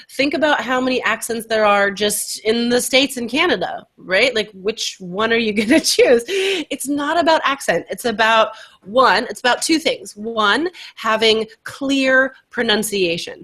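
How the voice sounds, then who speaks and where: A woman's voice: on the high side, fairly bright tone. Upbeat woman who laughs often. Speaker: IELTS teacher. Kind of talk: webinar talk, casual explaining.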